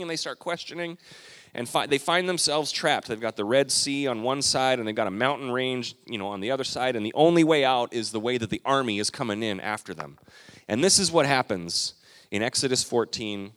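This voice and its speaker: A man preaching a sermon, retelling a story in a lively way and acting out the quotes. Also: medium pitch, brisk. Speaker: pastor. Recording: long reverb of a large hall.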